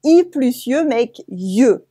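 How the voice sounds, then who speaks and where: A French-accented woman gives a lesson to camera. Her voice sits somewhat high, and she takes her time, repeating each word slowly so learners can follow. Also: expressive, mellow, slightly rough. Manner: slow, careful, repeats words for drill. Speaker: French teacher.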